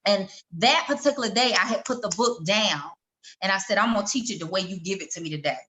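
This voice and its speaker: A middle-aged woman, a guest in a conversation, telling a personal story in an animated way and acting out the voices of the people she quotes. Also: mid-range voice, fast.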